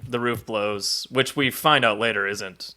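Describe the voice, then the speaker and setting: Bright-voiced man chatting about comics. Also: lowish voice, a little slow. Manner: animated, acts out characters' lines with profanity. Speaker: podcast co-host. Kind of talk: casual comic book discussion.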